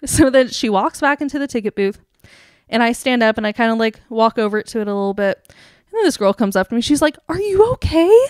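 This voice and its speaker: Young woman on a podcast, chatty and giggly, higher voice, dry close sound. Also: fast talker, smooth, no room sound. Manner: animated, giggly, acts out quotes. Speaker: podcast co-host. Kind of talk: casual storytelling chat.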